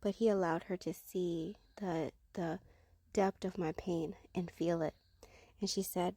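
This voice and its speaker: A woman's voice: on the low side, fairly even intonation, a little slow, mellow, breathy edge, no echo, clean studio sound. A woman earnestly telling her personal Christian testimony in a conversational way, acting out her own reactions as she goes.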